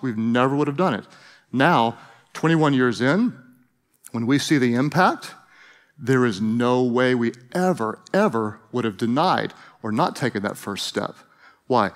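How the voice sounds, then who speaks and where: A man's voice: on the high side, a bit bright. A middle-aged man preaching a sermon as pastor, playful and emphatic, joking with the congregation in a church. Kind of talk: humorous energetic sermon. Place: church auditorium.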